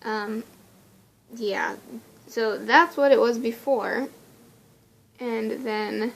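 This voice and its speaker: A woman excitedly telling a story in a casual vlog, gushing and laughing often. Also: on the high side, creaky. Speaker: vlogger.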